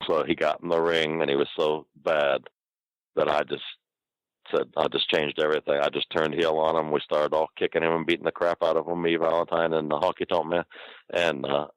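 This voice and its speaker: Older guy, real deep voice, swearing and laughing thru his stories, dry close sound. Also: level tone, brisk, clear, resonant tone, dry recording, poor audio. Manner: profane, laughing, rambling. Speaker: guest storyteller. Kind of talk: casual storytelling interview.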